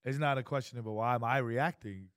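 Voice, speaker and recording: Animated, profane young man. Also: mid-range voice, fast talker, clear, resonant tone, dry recording, studio quality. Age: 20s. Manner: animated, profane, acts out quoted exchanges. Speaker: podcast co-host. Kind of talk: casual chat.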